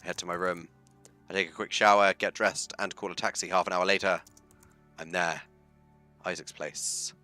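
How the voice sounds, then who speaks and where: A man's voice: sits low, flat delivery, moderate pace, pauses often, bright, forceful tone, faint music behind. A man streaming a story game, reading its text aloud with chatty, self-mocking asides.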